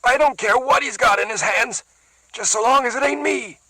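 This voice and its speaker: A man's voice: very high voice, normal speed, bright, forceful tone, breathy edge, dry recording, voice pushed up, full character voice, poor audio. A man voicing a small, white-haired fugitive who talks loosely and lazily. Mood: indifferent. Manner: loose, lazy, shrugging.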